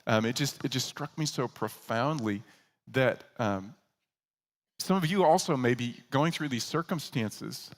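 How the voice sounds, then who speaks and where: A man preaching a sermon as pastor, telling a story with animated delivery and acting out the characters he quotes. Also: medium pitch, unhurried, long reverb tail.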